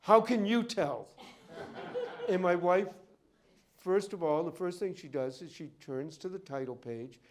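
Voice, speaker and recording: A man's voice: a little high, normal speed, a little mellow. A man who deals in and appraises rare books, telling rambling anecdotes at a library talk. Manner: rambling storyteller, goes off on tangents. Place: library event room.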